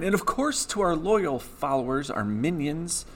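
A male podcast host introducing a golf betting show in an energetic, joking way. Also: fairly high pitch, unhurried, a little hiss or hum. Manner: energetic, playful hype.

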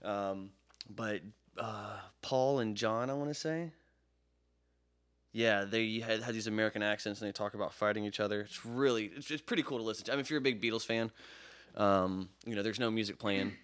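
A man's voice: lowish voice, fairly quick, a bit bright. A young man from Jacksonville, Florida, co-hosting a podcast in casual chat, rambling and swearing freely. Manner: profane, rambling storyteller. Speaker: podcast co-host.

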